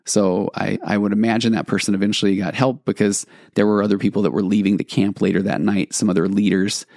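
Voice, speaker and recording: A man's voice: on the low side, level tone, fast talker, gravelly, a little mellow, dry recording, clean studio sound. A man hosting a podcast, telling a personal story in a reflective, rambling way with many restarts. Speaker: podcast host, therapist. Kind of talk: storytelling monologue.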